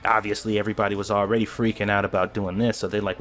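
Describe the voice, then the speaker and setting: Excited rambling man over soft music. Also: fairly low pitch, rapid-fire, few pauses. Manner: excited, rambling with frequent restarts. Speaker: anime reaction vlogger. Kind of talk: casual reaction commentary.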